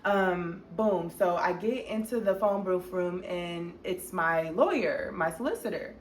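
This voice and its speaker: A young woman vlogger telling a storytime in an animated, expressive way, with many fillers. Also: lowish voice, a little slow. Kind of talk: storytime narration. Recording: echoey room with faint noise.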